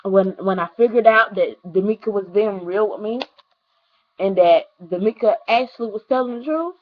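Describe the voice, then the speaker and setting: A woman's voice: medium pitch, normal speed. A young woman telling a personal story to her viewers, earnest and rambling, often repeating herself and talking straight to the audience. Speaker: vlogger. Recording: dull lo-fi recording.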